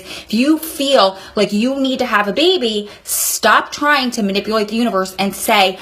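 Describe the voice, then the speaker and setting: A woman's voice: fairly high pitch, fairly bright tone. A woman in her thirties giving heartfelt, emphatic advice straight to her viewers in a vlog. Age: 30s. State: sweaty, hot room. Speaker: vlogger. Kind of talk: emotional advice monologue.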